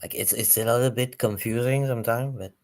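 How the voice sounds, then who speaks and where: French-Canadian man speaking broken English. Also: a little fast. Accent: Quebec French. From Quebec. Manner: animated, broken English, mock quotes in high voice. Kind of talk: casual chat.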